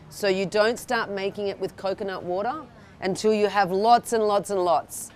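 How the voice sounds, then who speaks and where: Brief: woman instructor, slightly low voice, chatty live teaching, keeps asking "yeah?". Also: a little hiss or hum. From Australia. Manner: chatty, checks in with "yeah?", frequent restarts. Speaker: cooking workshop instructor. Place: indoor workshop room with an audience.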